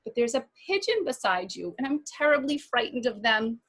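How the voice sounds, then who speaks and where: A woman's voice: a little high, very animated, normal speed, fairly bright tone, voice pushed up, heavily acted. A woman voicing a timid, apologetic dragon in a children's story read aloud. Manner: nervous, apologetic. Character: timid dragon frightened of pigeons.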